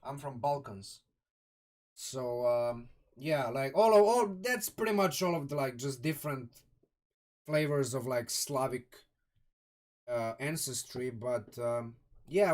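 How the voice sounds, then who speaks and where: A man from Croatia casually reviewing a game rulebook live, thinking aloud with many restarts and chatty asides to his viewers. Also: on the high side. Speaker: streamer reviewing a game sourcebook. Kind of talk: live-stream casual commentary.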